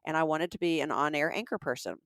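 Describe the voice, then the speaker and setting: A woman's voice: deep voice, fast talker, fairly bright tone, no echo, studio quality. A woman in her fifties from the American South, co-hosting a podcast in a casual, chatty way with a Southern accent and frequent laughter. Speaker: podcast co-host. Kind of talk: casual chat.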